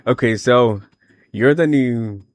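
A man hosting a radio show in a studio, teasing his guest in a playful way and dropping into quiet asides. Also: medium pitch, takes it slowly, no echo. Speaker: radio presenter. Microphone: studio microphone. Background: music playing.

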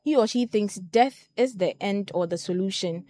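A woman's voice: mid-range voice, normal speed, dark tone. A woman speaking as a guest on a mental health discussion, explaining points step by step. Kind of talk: casual discussion panel.

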